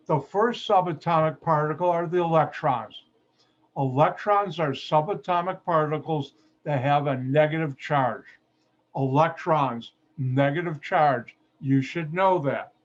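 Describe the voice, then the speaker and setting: Male chemistry instructor, playful and jokey, teaching a class in a somewhat high voice over dull, muffled video call audio. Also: a little slow. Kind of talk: online lecture.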